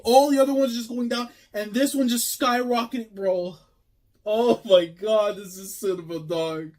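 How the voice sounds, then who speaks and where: A young man hosting an emotional reaction review of a comic chapter, excitable and slangy, swinging from hushed murmurs to near shouts. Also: extremely high pitch. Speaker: channel host reviewing a manga chapter.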